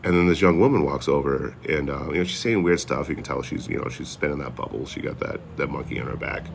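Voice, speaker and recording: A man's voice: extremely low pitch, quick pace, vocal fry, noisy background. A man who travels for social media, telling a long story in a loose, rambling, profane way, acting out what others said. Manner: loose, profane, rambling with many "you know"s. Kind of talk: casual storytelling.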